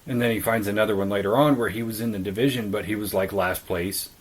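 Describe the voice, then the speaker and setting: A man co-hosting a podcast in casual chat, blunt and profane, mocking people with quick put-on quotes. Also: fairly low pitch, fairly even intonation, rough recording. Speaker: podcast co-host.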